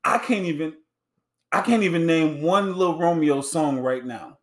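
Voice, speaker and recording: A man's voice: fairly high pitch, a little slow. A man co-hosting a podcast in casual chat, blunt and teasing in his banter. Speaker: podcast co-host. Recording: echoey room.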